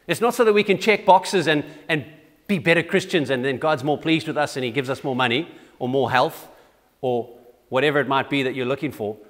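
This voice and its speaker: A man's voice: medium pitch, a little fast, fairly bright tone, big-room sound. A man preaching a sermon in a conversational, self-deprecating way with frequent restarts. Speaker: pastor. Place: church.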